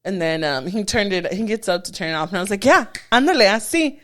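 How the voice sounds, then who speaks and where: A woman's voice: lowish voice, fast. A young woman co-hosting a casual podcast chat, telling stories with quoted dialogue and dropping in a few Spanish words. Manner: animated storytelling with laughs and acted-out quotes. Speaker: podcast co-host.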